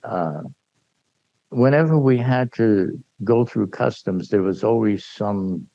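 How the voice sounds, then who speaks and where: Older male storyteller, gravelly and lively, acts out the dialogue, heard on a dull, dry lo-fi recording. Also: fairly low pitch, slow, no echo. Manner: animated, acts out dialogue, laughs often. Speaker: speaker sharing memories at a gathering. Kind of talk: anecdotal storytelling to an audience.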